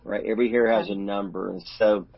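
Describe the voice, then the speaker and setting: A middle-aged male pastor with a low, gravelly, husky voice, speaking earnestly and openly about hurt in an interview. The audio is dull and lo-fi. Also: fairly even intonation, fairly quick. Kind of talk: candid personal storytelling in an interview.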